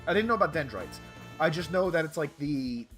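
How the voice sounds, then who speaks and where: A man reads a game's story aloud and comments as he plays, his pitch rising and dropping all over the place. He switches between voices for the characters, with music playing faintly underneath. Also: animated, fairly quick, fairly bright tone. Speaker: streamer playing a visual novel. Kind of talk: reading a game aloud with commentary.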